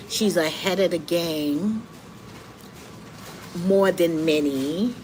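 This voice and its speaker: A middle-aged woman hosting a live stream, giving candid, animated commentary straight to her viewers. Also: fairly low pitch, poor audio. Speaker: livestream host. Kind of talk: casual commentary monologue. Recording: noticeable background noise.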